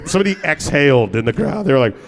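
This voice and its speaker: Tell him: a crude, joking male podcast host with a lively, gravelly voice. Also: on the high side, racing. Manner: crude absurd jokes, frequent laughter. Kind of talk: live comedy podcast banter. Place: live stage before an audience.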